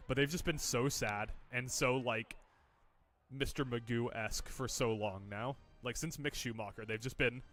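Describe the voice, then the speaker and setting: A man's voice: mid-range voice, a little slow, a bit bright, faint music behind. A man co-hosting a podcast in casual chat, rambling and teasing with dry humor. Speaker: podcast co-host.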